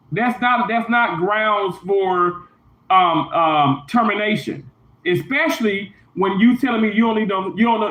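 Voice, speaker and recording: A man's voice: high-pitched, a bit bright. A man livestreaming from a hotel room, venting in an emphatic, repetitive, indignant way. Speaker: YouTuber livestreaming. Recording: roomy, dull lo-fi sound.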